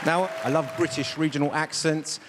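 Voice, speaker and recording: A male comedian giving an animated stand-up audition on a large theatre stage, slipping in and out of silly voices. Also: on the high side, moderate pace, big-room sound, a crowd in the background, background noise. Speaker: comedian and voice-over artist auditioning. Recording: theatre stage with a live audience laughing.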